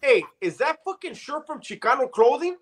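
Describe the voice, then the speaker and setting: A man's voice: very high voice, big pitch swings, normal speed, a bit bright. A middle-aged man co-hosting a casual chat, full of profane, teasing banter. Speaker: podcast co-host.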